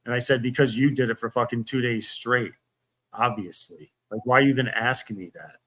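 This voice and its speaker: A streamer with a mid-range, fairly bright voice speaks a little fast in a heated, one-sided phone argument. Exasperated and repetitive, he swears as he insists on what happened.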